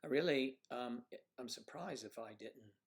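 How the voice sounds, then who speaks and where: A man's voice: medium pitch, measured pace. Rambling man hosting a livestream. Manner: rambling, drifting into soft mutters while clicking around. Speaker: livestream host. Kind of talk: casual livestream chat reading viewer messages.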